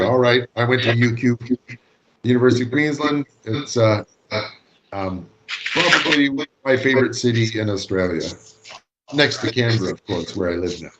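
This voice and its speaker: A man's voice: mid-range voice, muffled recording, noisy background. Canadian man lecturing over a video call. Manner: joking, easygoing. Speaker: guest lecturer. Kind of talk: casual remote lecture.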